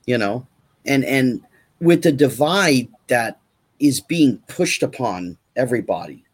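A man with a husky voice talks as a guest in a casual chat. His pitch moves a lot as he presses his points with repeated rhetorical questions. He sounds emphatic and insistent. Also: expressive, measured pace.

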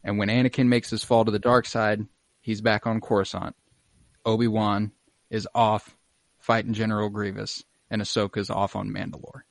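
A young man with a lowish voice recaps a show in a loose podcast chat. He slips into exaggerated character voices and curses casually. The sound is dry and close, with no room echo. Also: little pitch movement, normal speed, creaky. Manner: acts out lines in exaggerated voices, swears casually. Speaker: podcast co-host recapping an episode. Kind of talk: casual chat, animated retelling.

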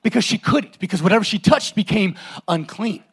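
A man's voice: sits high, animated, brisk, fairly bright tone, breathy edge. A male preacher delivering an impassioned, dramatic sermon and calling out to the congregation.

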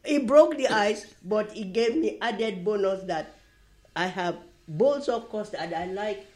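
A woman's voice: mid-range voice, expressive, a little slow. An older woman with a foreign accent, telling stories in a casual chat, full of fillers and restarts. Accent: foreign-accented English. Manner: warm storytelling, many "you know" fillers and restarts. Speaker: interviewee.

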